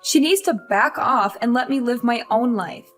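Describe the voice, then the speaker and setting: An actress with a fairly high, expressive, natural voice plays a frustrated young career wife, speaking at a moderate pace over faint music. Upset, she complains about her mother-in-law.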